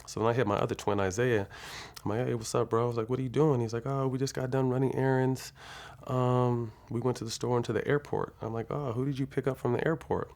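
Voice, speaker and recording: A man's voice: mid-range voice, little pitch movement, fast, darkish tone. A man being interviewed, telling a personal story in a casual, profane, laid-back way with lots of fillers. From California. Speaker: interview guest, former basketball player.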